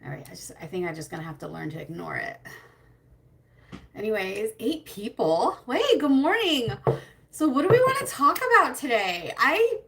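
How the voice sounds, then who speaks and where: A fairly high, bright woman's voice with a lot of sparkle, chatting through a relaxed beauty live stream. She rambles, loses her train of thought and greets viewers by name, with a nervous little laugh now and then. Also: moderate pace, gravelly. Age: adult with a child. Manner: nervous, self-conscious laughter. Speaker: beauty livestream host. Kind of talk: casual live-stream chat.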